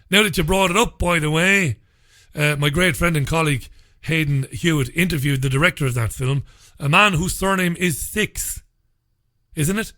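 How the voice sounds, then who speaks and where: A man's voice: fairly high pitch, pushed and bright. A man hosting a talk radio show, reading listener messages and answering them with blunt, sarcastic remarks. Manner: sardonic, sarcastic; blunt, swears freely.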